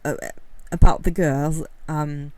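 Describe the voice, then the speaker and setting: Woman video essayist: candid, unhurried, rambling commentary in a low register. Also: fairly even intonation, dry recording. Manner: candid, rambling, with frequent fillers and soft laughs. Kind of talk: casual talking-head commentary.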